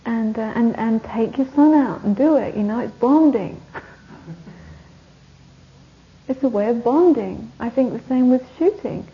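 A woman's voice: on the high side, measured pace, long pauses. A woman teaching a Buddhist course, giving a rambling, anecdotal dharma talk to a retreat group and laughing often. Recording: dull lo-fi recording, faint hiss.

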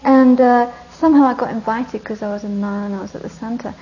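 A woman who is a Buddhist nun, telling stories in an animated, emphatic way and dropping almost to a whisper on reflective points. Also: fairly high pitch, a little fast. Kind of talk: storytelling talk. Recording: muffled lo-fi recording.

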